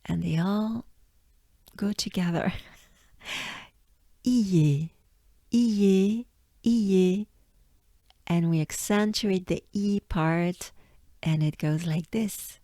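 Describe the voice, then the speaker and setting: A woman's voice: lowish voice, steady tone, slow, dark tone, dry recording, clean studio sound. A woman with a French accent coaching pronunciation, breaking names into syllables and repeating each one several times. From France. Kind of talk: slow pronunciation lesson.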